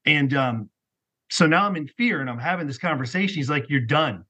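A middle-aged man telling his personal story as a podcast guest, animated and rambling, peppered with "like". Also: a little high, fairly quick, breathy edge. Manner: animated, rambling, heavy use of "like". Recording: muffled lo-fi recording.

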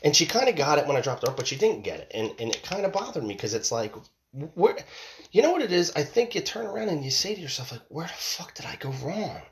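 A man's voice: a little high, big pitch swings, quick pace, slight background noise. A man in his forties giving a casual monologue, rambling and emphatic, swearing and repeating himself as he tells a story about his family. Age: 40s. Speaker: father telling a story.

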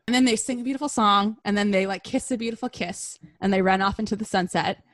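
A woman retelling a story in a playful, slangy way, putting on quick casual voices for the characters. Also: medium pitch, fairly bright tone. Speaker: storyteller recapping a musical.

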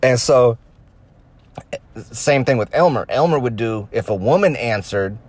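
Young guy, casual storyteller, animated pitch, relaxed and amused. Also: measured pace, no room sound. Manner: laid-back and amused, with restarts and swearing. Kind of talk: casual anecdote.

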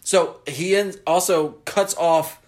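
A man from the American South in casual chat, rambling excitedly and acting out movie lines. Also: on the high side, slow pace.

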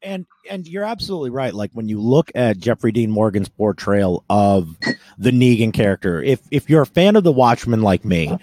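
A man's voice: lowish voice, sing-song, moderate pace, warm tone, dry recording. A man hosting a podcast in casual chat, rambling with restarts and swearing. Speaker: podcast host.

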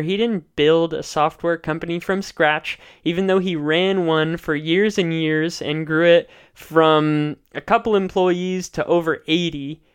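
A man hosting an investing podcast, recapping guest episodes alone in a measured, explanatory way. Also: fairly high pitch, smooth. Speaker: podcast host.

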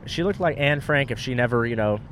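A comedian on a road-trip podcast, animated and profane, acting out other people's lines in a high voice. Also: male voice, brisk, slight background noise. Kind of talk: casual road-trip storytelling.

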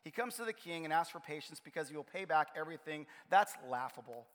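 A man preaching a sermon in a relaxed, conversational way, often restarting his phrases. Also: fairly high pitch, fast talker. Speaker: pastor. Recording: reverberant hall.

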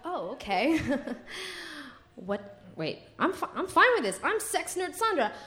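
A young adult woman telling a comedic story to a live audience, animated and giggly, acting out her friends' voices. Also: sits high, a little slow.

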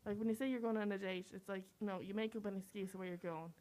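A woman's voice: mid-range voice, fairly even intonation, fast talker, a little mellow. A young woman, co-hosting a podcast in loose, rambling casual chat. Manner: loose, rambling, filler-heavy talk. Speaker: podcast co-host.

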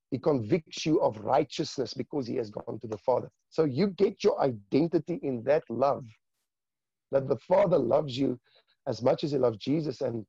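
Man, gravelly husky voice, fervent halting testimony, dull dry recording. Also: medium pitch, dark tone, no echo. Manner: fervent, halting with repeated restarts. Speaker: guest sharing a testimony. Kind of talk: emotional testimony in conversation.

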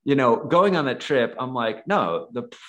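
A man's voice: medium pitch, lively intonation, moderate pace, fairly bright tone. A man telling a personal story in a casual, earnest way, rambling and full of "like" fillers. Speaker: guest, photographer and nonprofit founder.

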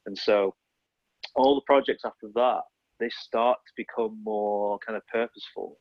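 Illustrator, 30s, husky voice; rambling conversational podcast guest, dry close sound. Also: male voice, on the low side, fairly even intonation, normal speed, dry recording, highs cut off. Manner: rambling, lots of fillers and self-corrections.

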